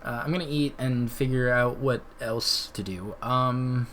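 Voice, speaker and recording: This live-stream host is a man whose mid-range, fairly bright voice moves at a measured pace with few pauses. He rambles along in a laid-back, casual way, laughing frequently, over slight background noise.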